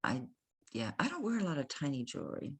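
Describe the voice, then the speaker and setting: Chatty low-voiced Southern woman. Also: huge pitch swings, slight background noise, low-quality recording. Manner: chatty, impatient, quick to laugh at herself. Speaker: online jewelry seller. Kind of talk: casual selling vlog. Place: at home.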